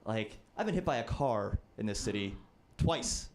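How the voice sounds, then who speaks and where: A man's voice: fairly low pitch, lively intonation, normal speed, a little mellow. A man in his twenties doing a stand-up comedy set, telling rambling, self-deprecating stories. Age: 20s.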